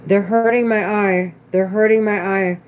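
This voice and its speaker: A woman's voice: mid-range voice, steady tone, a little slow, slight background noise. A woman vlogger talking to camera in an agitated, repetitive, rambling monologue. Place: at home, doing her makeup.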